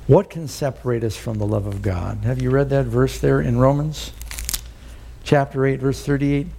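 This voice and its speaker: Male preacher, mellow tone, earnest storyteller who puts questions to the listeners. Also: mid-range voice, fairly even intonation, normal speed, gravelly. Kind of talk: sermon.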